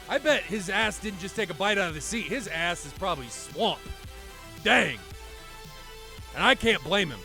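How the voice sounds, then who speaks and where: High-pitched excitable male game commentator. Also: moderate pace, creaky, pauses often, soft background music. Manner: excitable, shouts at big moments, swears freely. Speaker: esports commentator. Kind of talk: live play-by-play commentary.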